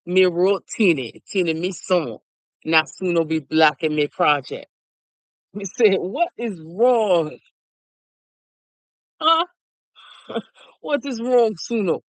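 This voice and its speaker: A man's voice: sits high, no echo, rough recording. A man jokingly putting on a mock Jamaican accent, playful and laughing.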